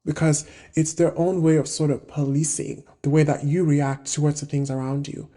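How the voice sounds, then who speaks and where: A woman in her twenties hosting a self-help video, talking through her thoughts in a casual, reflective monologue and often pausing to search for words. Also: sits low, fairly even intonation, dark tone. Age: 20s.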